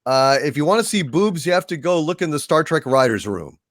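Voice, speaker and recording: A man's voice: a little high, very animated, brisk, dry recording, studio quality. A man co-hosting a casual live-stream chat, sarcastic and mocking as he talks. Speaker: co-host.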